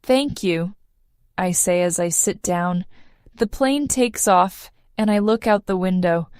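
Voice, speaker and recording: Slow clear woman narrating a story. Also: fairly low pitch, darkish tone, no echo, studio quality. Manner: clear, measured first-person storytelling. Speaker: English lesson narrator. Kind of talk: slow read-aloud story for learners.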